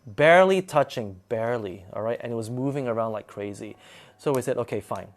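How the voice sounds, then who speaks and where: A man telling a spooky personal story in a casual, animated and dramatic way. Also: mid-range voice, brisk.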